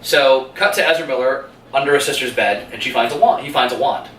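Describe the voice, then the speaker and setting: Animated, swearing man reviewing a movie. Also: mid-range voice, brisk. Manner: animated retelling, swears freely, laughs often. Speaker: podcast co-host. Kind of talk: casual movie review chat. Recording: roomy room, mic at a distance, faint hum.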